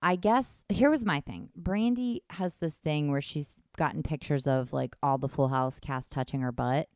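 A woman's voice: sits low, moderate pace, a little mellow, no room sound, clean studio sound. A woman co-hosting a comedy podcast in blunt, crude casual chat. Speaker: podcast co-host.

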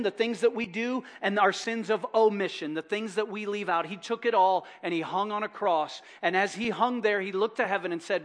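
A male pastor delivers an impassioned sermon, pressing his points with rhetorical questions. His voice sits high and rings bright and forceful. He swings between loud urgency and hushed, earnest passages. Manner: fervent preaching with rhetorical questions.

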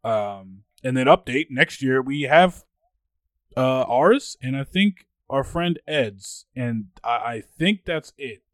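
A man's voice: medium pitch, takes it slowly, no echo. A young man co-hosting a podcast, chatting casually and acting out what his friends said as he tells stories. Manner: animated storyteller, acts out quoted friends. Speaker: podcast co-host. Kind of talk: casual chat.

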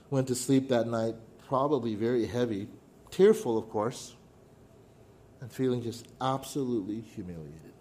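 A middle-aged man preaching a sermon, telling a personal story with dramatic pauses and sudden drops to a hush. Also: mid-range voice. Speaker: pastor.

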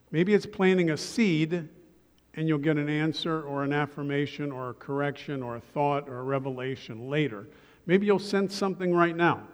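A male pastor giving a sermon to his congregation, relaxed and joking in asides. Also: fairly high pitch, long reverb tail. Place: church sanctuary.

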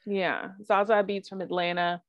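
A woman co-hosting a podcast in casual chat, animated and full of asides. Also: medium pitch, normal speed, dry recording. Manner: animated, with frequent likes and asides. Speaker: podcast co-host. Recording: dry, dull lo-fi sound.

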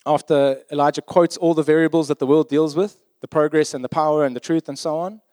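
A male preacher delivering a sermon in a relaxed, emphatic, conversational way, stopping often to check in with the listeners. His voice sits fairly high for a man. It is recorded dry and close, with no echo. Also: fast talker.

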